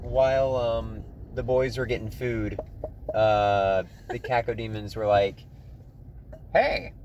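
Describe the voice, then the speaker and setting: A man's voice: lowish voice, little pitch movement, measured pace, darkish tone, lo-fi sound, a little hiss or hum. A man running a tabletop game, recapping it in casual, rambling, joking chat and swearing often. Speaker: game master.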